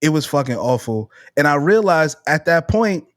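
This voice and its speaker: A man around thirty, a podcast co-host, telling a story in casual chat, animated and swearing freely. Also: fairly high pitch, moderate pace, no echo, clean studio sound. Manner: animated, swears freely, acts out quoted voices.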